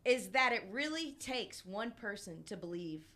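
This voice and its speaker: A woman's voice: medium pitch, expressive, normal speed, a bit bright. A woman hosting a casual interview, encouraging and enthusiastic toward her guest. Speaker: podcast host.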